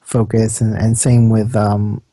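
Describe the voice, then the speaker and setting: A man's voice: on the low side, flat delivery, measured pace, mellow, no echo. A man co-hosting a podcast, chatting casually about a movie with hesitant phrasing and many fillers. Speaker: podcast co-host. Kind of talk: casual chat, movie review.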